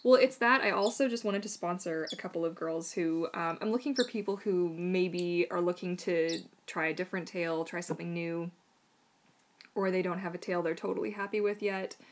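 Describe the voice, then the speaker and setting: A woman's voice: fairly low pitch, normal speed, slight background noise. A woman hosting a casual live Q&A stream as a mermaid tail maker, chatty and bubbly, with lots of fillers and frequent laughter.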